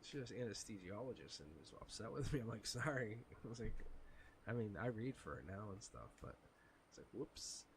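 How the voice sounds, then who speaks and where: Raspy man, tarot reader on a live stream; animated, chatty, laughs often. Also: lowish voice, fast talker, a little hiss or hum.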